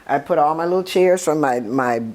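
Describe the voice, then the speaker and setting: An older woman as an interview guest, telling stories in an animated, emphatic way and acting out the people she quotes. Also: low voice, a little fast. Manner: animated storyteller, acts out quoted voices; emphatic, talks with repeats and restarts. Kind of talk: storytelling in a conversational interview.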